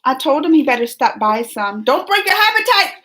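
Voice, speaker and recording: A woman's voice: high-pitched, very animated, a little fast, bright, forceful tone, poor audio. A woman hosting a casual livestream, chatting loosely and reading viewer comments aloud with frequent laughs. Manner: chatty, rambling, laughs often. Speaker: livestream reaction host.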